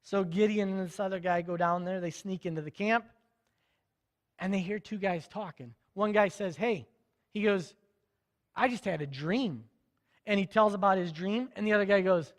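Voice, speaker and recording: Male pastor, high voice, lively storytelling sermon, long echo of a big hall. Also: normal speed. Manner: storytelling, voicing biblical characters in casual modern speech.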